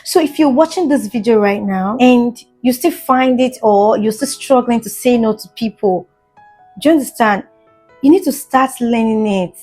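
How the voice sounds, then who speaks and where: A woman's voice: a little high, normal speed, mellow, breathy edge, soft background music. A young woman vlogger talking earnestly to camera in a casual storytime monologue, full of fillers and repeated "do you understand?" checks. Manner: earnest, emphatic, keeps asking "do you understand?"; fillers and restarts, gets emotional at times.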